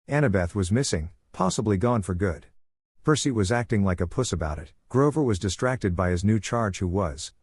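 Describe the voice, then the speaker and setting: A man's voice: lowish voice, a little mellow, husky, no room sound, clean studio sound. A man reading fan fiction aloud, narrating and voicing the dialogue with little character acting. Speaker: fanfiction reader.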